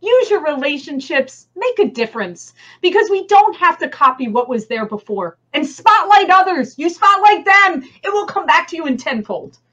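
A woman's voice: extremely high pitch, very animated, moderate pace, few pauses, sharp tone, dull audio. A woman with a New Jersey accent, a guest talking energetically and emphatically, laughing often. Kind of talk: casual chat on a webinar.

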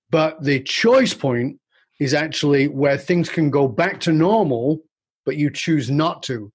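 A man's voice: on the high side, breathy edge, dry recording. A man guest in an interview, candidly and reflectively telling a personal story with casual swearing.

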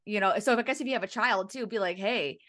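A woman hosting a podcast in casual chat, chatty and quick to laugh, with animated asides. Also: medium pitch. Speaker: podcast host.

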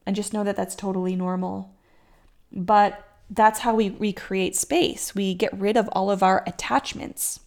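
A woman's voice: mid-range voice, fairly even intonation, measured pace, a little mellow. A woman fertility coach talking to listeners in a casual podcast monologue, reassuring and conversational, often acting out their anxious inner voices.

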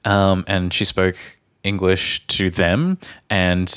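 Podcast guy rambling thru a story, kinda low voice, laid back chat. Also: level tone, slow, a bit bright, clean tone. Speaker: podcast co-host. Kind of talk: casual chat.

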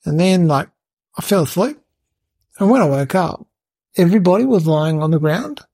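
A woman playing a cheeky, clueless little boy who tells a comic story in a rambling, deadpan way with childlike logic. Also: on the low side, normal speed, dry recording. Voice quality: creaky, husky. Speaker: podcast comic character narrator. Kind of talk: comic character monologue.

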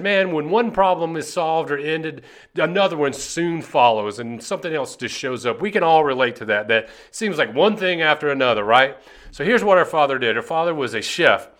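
A man's voice: on the high side, a bit bright. A man hosting a motivational podcast, speaking earnestly and emphatically as a success coach and telling a story.

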